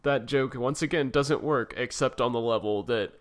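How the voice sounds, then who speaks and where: In a casual film review chat, this male podcast co-host speaks at medium pitch and a moderate pace. Frequent laughter mixes with a critical, exasperated tone.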